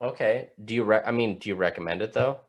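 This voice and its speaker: A man's voice: lowish voice, quick pace. A man hosting a podcast, asking blunt questions, swearing freely and stumbling over his words. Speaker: podcast host. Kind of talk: casual podcast chat.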